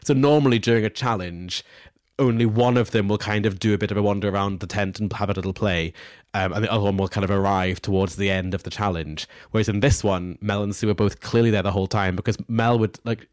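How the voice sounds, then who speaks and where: A man co-hosting a casual podcast chat, earnest and gently scolding his partner. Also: fairly low pitch, steady tone, a little fast, dry recording, studio quality. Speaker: podcast co-host.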